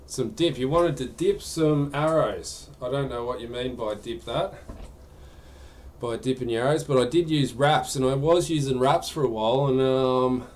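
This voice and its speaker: A man's voice: medium pitch, moderate pace, darkish tone. Chatty man streaming live. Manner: chatty, rambling, reads questions aloud. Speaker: gaming streamer answering viewer questions. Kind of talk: casual live chat.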